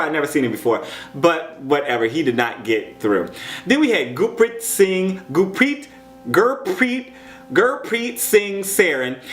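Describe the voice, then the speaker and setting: An American man gives chatty, animated commentary on a show, his pitch jumping up whenever he quotes someone. The recording is reverberant.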